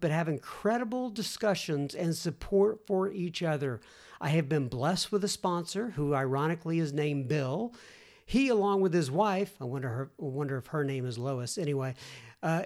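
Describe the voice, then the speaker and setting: A man's voice: on the high side, a little mellow. A male podcast host reading listener emails aloud, breaking in with folksy, chatty asides. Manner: folksy, chatty asides between read letters.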